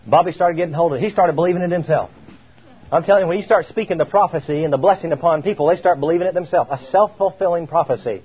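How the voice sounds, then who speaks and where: A man's voice: on the high side, quick pace, husky, dull audio. A man preaching a sermon, emphatic and drawn out, firing rhetorical questions at his listeners.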